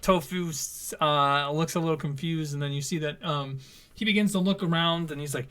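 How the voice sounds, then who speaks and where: A man's voice: fairly high pitch, fairly even intonation, normal speed, a bit bright, clean tone, faint music behind. A man serving as game master, narrating a live-streamed tabletop game in a casual, meandering way.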